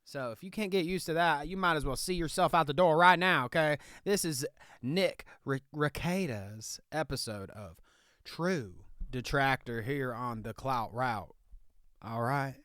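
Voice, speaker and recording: A man's voice: medium pitch, measured pace, fairly bright tone, clear, resonant tone, no room sound, clean studio sound, natural voice. A man playing a boastful, folksy redneck lawyer in a comic monologue, with a put-on Southern drawl that slips in and out. He keeps tagging his sentences with "okay?".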